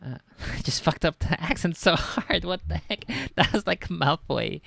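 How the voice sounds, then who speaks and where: Woman streamer, casual and self-critical, gravelly voice in a dry, close space. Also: on the low side, animated, moderate pace, a bit bright, no echo. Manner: chatty, self-critical, swears and laughs often. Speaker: streamer reading a novel aloud. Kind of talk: casual live-stream chat and reading.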